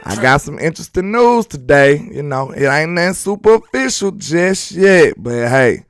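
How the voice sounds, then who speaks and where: A man's voice: a little high, very animated, moderate pace, no room sound, clean studio sound, faint music behind. Laid-back slangy man hosting a live stream. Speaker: sports live-stream host. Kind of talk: casual live-stream commentary, reading chat aloud.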